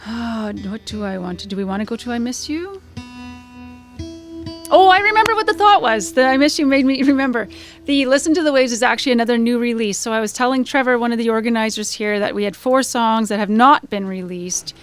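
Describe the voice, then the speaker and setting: Speaking fast in a fairly high voice, a woman singer-songwriter chats onstage between numbers at a concert. She drifts off her point and recovers it, with guitar playing under the live recording.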